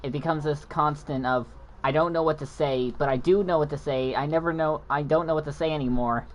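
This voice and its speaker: A man's voice: on the high side, steady tone, a little fast. A man who stutters and mumbles, chatting casually as a gaming channel host. He rambles, keeps restarting his sentences and doubles back when he loses his thread. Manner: rambling, frequent restarts and backtracking. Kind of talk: casual storytelling chat.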